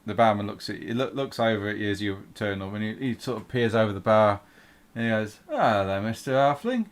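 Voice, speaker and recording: A game master narrates a fantasy tabletop game in a slightly low voice. He often stops and restarts his sentences as he describes the scene. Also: steady tone. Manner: halting, with many fillers and restarts.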